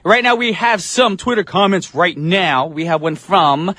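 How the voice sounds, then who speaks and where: A man's voice: high-pitched, unhurried, pushed and bright, dry recording, studio quality. A man from the United States hosting a morning radio show in an upbeat, chatty, self-joking way. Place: radio studio.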